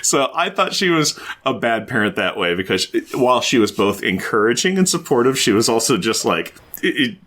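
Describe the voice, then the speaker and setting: A man co-hosting a casual comic-book podcast, animated and playful, often slipping into quick character voices. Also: medium pitch. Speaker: podcast co-host.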